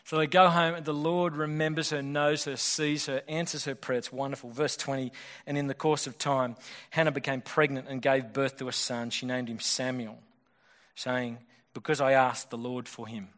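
A male pastor preaching a sermon in a fast, conversational way, often restarting his sentences. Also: medium pitch, flat delivery, a bit bright. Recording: long hall reverb.

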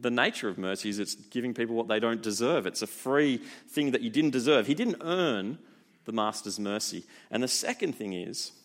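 A man preaching a sermon in a relaxed, conversational way, often asking rhetorical questions. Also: mid-range voice. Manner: animated, informal, asks rhetorical questions.

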